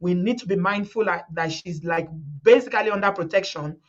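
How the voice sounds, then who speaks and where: Her voice sits on the low side and runs a little fast over lo-fi sound. A middle-aged Nigerian woman hosting a live community stream, she speaks fervently to viewers, repeating words and quoting the people she speaks about.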